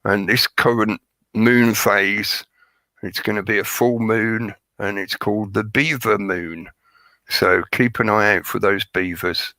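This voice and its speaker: A man hosting a live stream, his voice hoarse and crackly as he chats and jokes with viewers by name. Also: on the low side, steady tone, measured pace, bright, forceful tone, dry recording. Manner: chatty, joking, greets viewers by name. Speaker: livestream host. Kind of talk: rambling live-stream chat.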